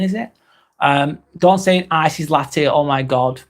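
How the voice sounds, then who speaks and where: A man with a fairly high, unhurried voice hosts a live vlog, chatting casually and reading viewer comments aloud. He sounds relaxed and talkative, dropping plenty of ums and some offhand swearing.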